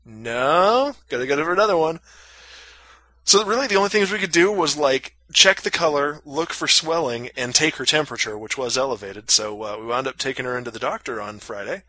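A man's voice: mid-range voice, lively intonation, fairly quick, sharp tone, no echo. A man casually telling a long story on a podcast, full of fillers and crude jokes. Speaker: podcast co-host.

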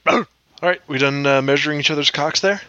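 A man's voice: a little high, a little fast, pushed and bright, no room sound, lo-fi sound. A man co-hosting a podcast in casual chat, explaining and dropping wry quips. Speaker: podcast co-host.

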